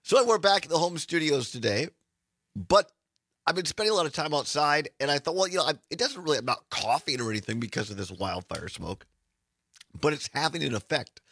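A middle-aged man hosting live talk radio from a studio. He is slightly hoarse, and he talks in an upbeat, chatty way with fillers. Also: a little high, expressive, fairly quick, a bit bright, dry recording. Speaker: radio talk show host.

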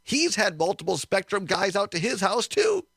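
A male radio host spinning a long story on air, his voice swinging lively up and down and sitting a touch high for a man. He chuckles between lines and slips into the voices of the people he quotes. The studio sound is close and dry. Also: moderate pace, slightly rough, dry recording. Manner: animated, chuckles often, acts out quoted people. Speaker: radio talk show host.

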